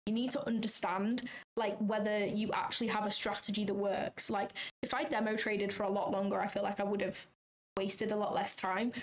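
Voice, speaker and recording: A woman chatting casually on a trading livestream, rambling and talkative with self-conscious asides. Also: medium pitch.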